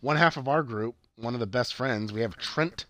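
A man recapping a wrestling show in casual chat, rambling and swearing, with excited outbursts. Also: medium pitch, normal speed. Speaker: podcast co-host.

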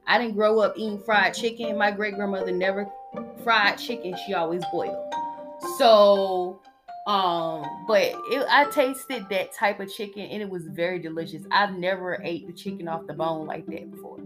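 Over background music, a young podcast host talks through a casual solo monologue at a moderate pace. She keeps a soft, low-key delivery while tossing in blunt, slangy, opinionated asides.

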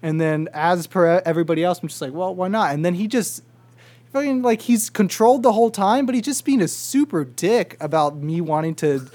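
A young man on a podcast, telling a story in a casual, animated way and swearing freely. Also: sits high, a little fast. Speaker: podcast co-host. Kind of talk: casual chat.

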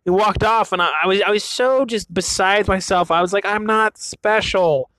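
A young man from the western US rambles in a casual solo talk, circling back through restarts and fillers. His voice sits slightly high. The sound is dry and close, with no room around it. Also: a little fast, sharp tone, no room sound. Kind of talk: casual monologue.

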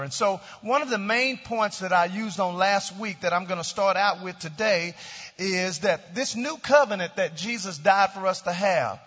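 Pastor preaching in a reverberant church. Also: male voice, sits high, sharp tone, husky. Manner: leads congregation in call-and-response declarations. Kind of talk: sermon. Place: church sanctuary. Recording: dull lo-fi church hall recording with long reverb.

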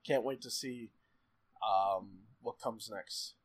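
A man's voice: fairly low pitch, takes it slowly, husky. A man co-hosting a podcast, rambling and joking with fillers and laughter. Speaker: podcast co-host. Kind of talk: casual podcast banter.

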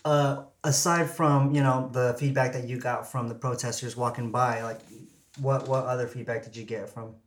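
Very low-voiced woman host, roomy. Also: fairly even intonation, normal speed. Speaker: podcast host. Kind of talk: interview questions. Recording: roomy echo.

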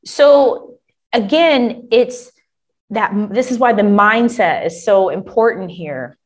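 Woman, contracting coach, lively and talkative, casual y'all delivery. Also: medium pitch, slow. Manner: animated, chatty, addresses listeners as y'all. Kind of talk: coaching talk to an audience. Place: Michigan.

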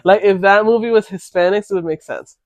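A man co-hosting a casual podcast, chatting offhandedly about films with quick asides. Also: sits high, no room sound. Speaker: podcast co-host. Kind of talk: casual chat.

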